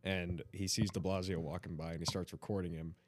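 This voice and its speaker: A man co-hosting a podcast, chatting casually, swearing and breaking into loud impressions when retelling videos. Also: low voice, little pitch movement, a little fast, no room sound. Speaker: podcast co-host. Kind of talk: casual chat.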